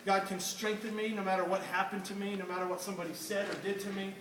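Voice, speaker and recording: A young man preaching to a youth group, telling a lively story with laughter and questions for the listeners. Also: high voice, fast. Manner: animated, laughing storyteller who quizzes listeners. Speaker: youth pastor. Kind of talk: storytelling sermon. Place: hall with a live audience. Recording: roomy, distant, noisy room recording.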